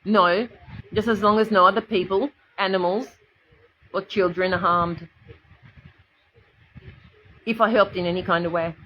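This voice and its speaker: An Australian woman talks straight to her livestream viewers in a rambling, emotional way, swearing freely and answering commenters as she goes. Her voice sits at an ordinary middle pitch for a woman. The sound is slightly dull and lo-fi, with faint noise underneath. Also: steady tone, measured pace, pauses often. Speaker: vlogger addressing viewers.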